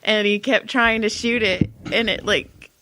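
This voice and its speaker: A woman's voice: medium pitch, steady tone, unhurried, noisy background. A woman co-hosting a podcast, telling a story casually with frequent laughter and swearing. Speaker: podcast co-host. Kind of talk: casual chat.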